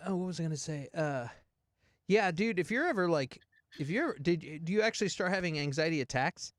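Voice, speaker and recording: A man co-hosting a podcast in casual chat, telling stories in a rambling, animated way with many restarts. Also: fairly high pitch, brisk, no echo, clean studio sound. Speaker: podcast co-host.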